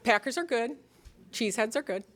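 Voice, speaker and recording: A woman's voice: fairly high pitch, animated, fairly quick, a bit bright. A middle-aged woman with an Upper Midwest American accent, giving a college president's convocation address in an earnest, rallying way, using rhetorical questions and light humor. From Upper Midwest of the United States.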